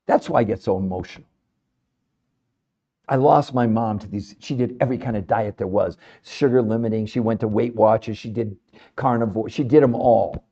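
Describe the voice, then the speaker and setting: Man, podcast host, animated, preachy rhetorical questions, mid pitch, muffled lo-fi sound. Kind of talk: impassioned health talk to an audience.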